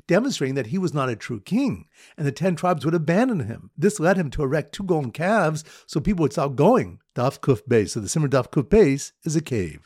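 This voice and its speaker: A man with a slightly high, husky voice teaches Talmud through playful memory stories. His pitch leaps around as he tells them, recorded close and dry with no room sound. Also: no echo. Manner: lively storytelling with sudden pitch jumps. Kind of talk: mnemonic Talmud review lesson.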